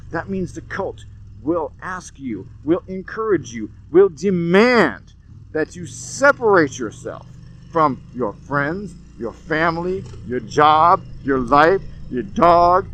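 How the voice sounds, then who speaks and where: Animated sarcastic man in a moving car. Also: a little high, a little slow, rough recording. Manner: sarcastic, animated, gets worked up. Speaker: host. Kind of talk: casual comedic monologue. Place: in a car while driving. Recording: road noise from a moving car.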